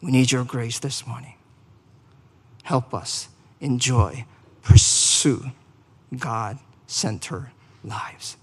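A man's voice: mid-range voice, steady tone, extremely slow, long pauses, husky, big-room sound. A man preaching a sermon and leading a closing prayer, speaking earnestly, asking the congregation questions and rising to emphatic peaks. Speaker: pastor.

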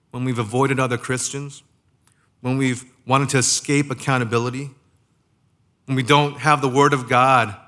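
Guy giving a sermon, mid-pitched voice, chatty, rhetorical questions, drags out the big lines. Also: fairly bright tone. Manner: conversational preaching, rhetorical questions, slows down for emphasis. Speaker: pastor.

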